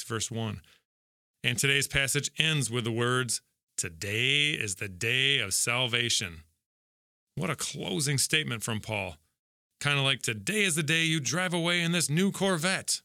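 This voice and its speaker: Bright earnest man reading scripture. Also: mid-range voice, no echo, clean studio sound. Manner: conversational, earnest, lightly joking. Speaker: devotional speaker. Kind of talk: Bible reading and devotional reflection.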